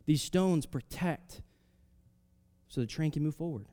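A man preaching a sermon, reading scripture aloud and explaining it in a conversational way, swinging between loud emphatic rises and soft drops. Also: fairly high pitch, a little slow. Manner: reads scripture aloud, then explains it casually with fillers.

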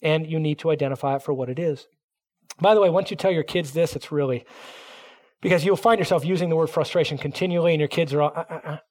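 A middle-aged man preaching a sermon, animated, acting out quoted voices as he teaches. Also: on the high side, fast talker. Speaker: pastor.

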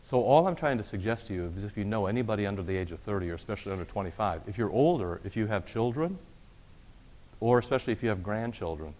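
Man, middle-aged, lowish voice, wry sermon, reverberant hall. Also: expressive, fast talker, darkish tone. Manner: conversational and wry, with sarcastic asides. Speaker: preacher. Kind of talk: lecture-style sermon. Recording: long reverb of a large hall.

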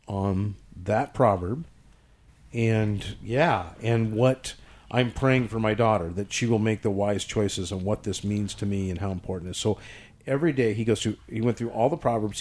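A middle-aged man and pastor co-hosting a casual chat, telling stories with playful jokes. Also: fairly low pitch. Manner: jokey, animated storytelling. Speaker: pastor and co-host.

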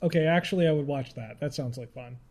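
A man's voice: medium pitch, quick pace, darkish tone. A man co-hosting a casual chat, rambling, laughing often and trailing off mid-thought. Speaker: podcast co-host.

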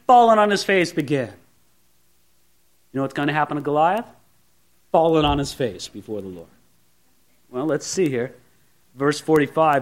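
A pastor preaching a sermon with animated, theatrical storytelling. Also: male voice, on the high side.

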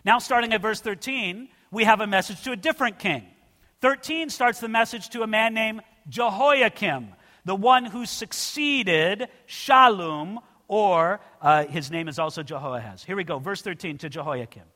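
A man's voice: high-pitched, animated, moderate pace, sharp tone. A man preaching an expository sermon in a church, earnest and direct, often calling his listeners friends. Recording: long reverb of a large hall.

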